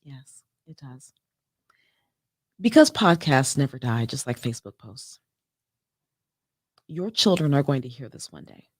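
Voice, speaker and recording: A woman hosting a studio podcast, asking questions and affirming her guest with frequent "yes" and "I love that". Her voice is low-pitched. The recording is dry and close-miked. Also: big pitch swings, normal speed, pauses often, no room sound. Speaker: podcast host.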